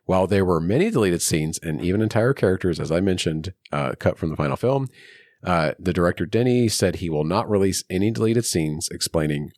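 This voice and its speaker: A man's voice: sits low, expressive, brisk, a little mellow, dry recording, studio quality. A man co-hosting a film podcast, reading out trivia notes and laughing often between them. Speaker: podcast co-host. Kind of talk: casual film podcast chat.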